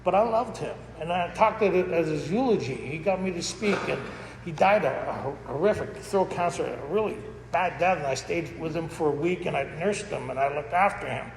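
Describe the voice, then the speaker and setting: A man's voice: on the high side, lively intonation, normal speed, creaky. A middle-aged man giving a candid, rambling personal testimony as a recovery meeting speaker. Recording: echoey hall with faint noise.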